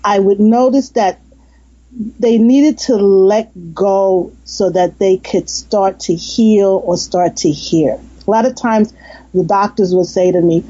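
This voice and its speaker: A woman's voice: medium pitch, slow pace, highs cut off. A woman hypnotist and former nurse, chatting in an interview and telling earnest stories with frequent restarts. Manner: earnest, warm-hearted storytelling with frequent restarts and laughter. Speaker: guest storyteller and hypnotist. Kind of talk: casual interview chat.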